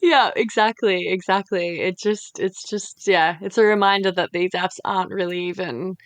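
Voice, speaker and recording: A woman's voice: mid-range voice, steady tone, moderate pace, dry recording. A woman hosting a podcast in casual chat, blunt and frank, swearing freely and using lots of fillers. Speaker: podcast host.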